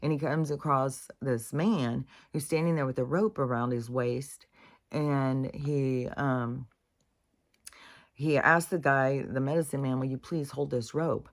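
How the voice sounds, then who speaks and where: A woman's voice: a bass voice, steady tone, slow. A woman in a casual spiritual monologue, speaking candidly, swearing freely and restarting her sentences.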